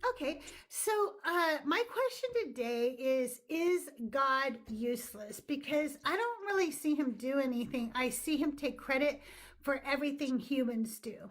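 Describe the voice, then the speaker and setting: A woman's voice: sits high, lively intonation, a little slow. A woman hosting a casual debate livestream, bubbly, laughing often and swearing casually. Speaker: podcast host.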